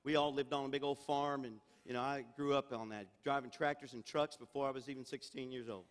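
A man's voice: medium pitch, fairly even intonation, brisk. An older man preaching a sermon as senior pastor, emphatic and calling out for amens. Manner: emphatic preaching, calls for amen. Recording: reverberant church hall.

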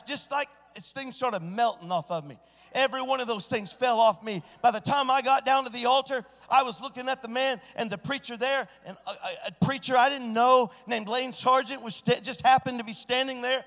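A man preaching a sermon, swinging from hushed storytelling to loud, shouted exclamations. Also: very high voice, fairly quick. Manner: preaching with sudden swells into shouting. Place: church. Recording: church sanctuary with long reverb.

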